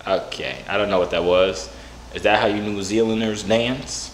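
A man's voice: on the low side, steady tone, normal speed. A man in his twenties joking and teasing strangers in a casual video chat. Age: 20s. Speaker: vlogger. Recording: echoey with loud noise.

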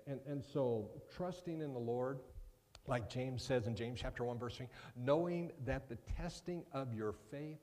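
A man's voice: medium pitch, measured pace, darkish tone. A male guest preacher delivers a sermon in a mid-range voice, chatty and joking with the congregation. He tends to stumble over the starts of sentences, doubling words before he finds his line. The sound carries a long church-hall reverb. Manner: conversational, joking asides, repeats words when starting sentences. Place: church sanctuary.

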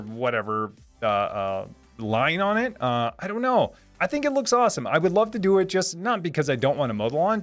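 A man in his thirties with a slightly high voice hosts a casual live stream, reading viewer comments out loud. He's chatty, laughs a lot and repeats words when he restarts sentences.

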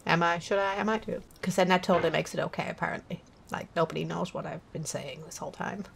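A woman gamer at home giving frustrated commentary on a game, swearing and shouting often. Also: on the low side, fairly even intonation, fast talker, vocal fry, a little hiss or hum. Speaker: let's play gamer.

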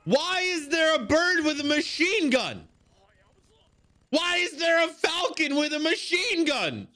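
High-voiced excitable man reacting. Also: slow. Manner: excitable, swearing, exclaiming at the screen. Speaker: anime reaction YouTuber. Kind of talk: casual reaction commentary.

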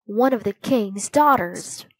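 A woman voicing a clever, polite young male frog in a storybook, speaking calmly and matter-of-factly. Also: medium pitch, takes it slowly, slightly rough, dry recording.

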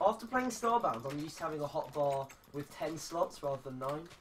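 A streamer, chatting casually while playing a game and now and then breaking into loud excited outbursts. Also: medium pitch, brisk. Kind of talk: casual gaming chat. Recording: distant mic with steady background noise.

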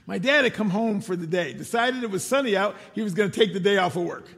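An older man preaching a sermon, telling personal stories in a relaxed, conversational way with wry humor. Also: sits high, quick pace, gravelly. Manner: conversational storytelling with self-deprecating humor. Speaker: pastor. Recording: long hall reverb.

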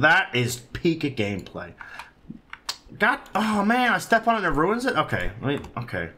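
A man talks through a game in loose, profane commentary, needling the characters on screen. His pitch leaps around constantly. There is a gravelly fry in his tone and a bright, forward quality. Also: wildly swooping pitch, moderate pace, slight background noise. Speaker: gaming channel host. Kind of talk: casual let's-play commentary.

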